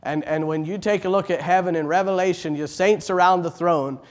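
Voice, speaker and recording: Middle-aged male preacher, slightly high voice, earnest sermon delivery, swells loud then drops to a hush. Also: fairly even intonation, brisk. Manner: swells loud on exalted phrases, drops soft on tender ones; repeats words as he builds, earnest.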